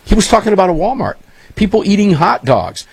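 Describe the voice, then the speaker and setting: A man's voice: sits high, very animated, fairly quick, vocal fry, breathy edge, no room sound. A man hosting a talk show, chatting casually and rambling through stories. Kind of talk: casual chat.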